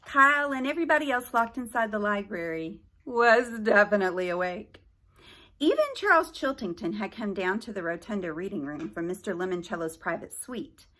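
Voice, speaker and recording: Animated woman reading a storybook aloud. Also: mid-range voice, moderate pace. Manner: animated, chatty asides to young listeners. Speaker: library storyteller. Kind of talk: reading a novel aloud with chat.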